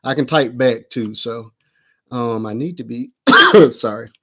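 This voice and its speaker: A man's voice: medium pitch, unhurried, bright, forceful tone. A man hosting a casual livestream from his home, chatting and muttering to himself as he adjusts his camera, picked up by the camera mic. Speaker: livestream host. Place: at home, indoors.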